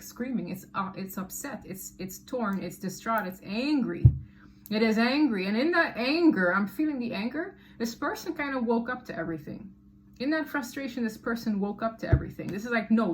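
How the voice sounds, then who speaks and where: A woman giving a casual tarot reading to camera, chatty and animated, often laughing and exclaiming. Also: fairly high pitch, slight background noise. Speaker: tarot reader.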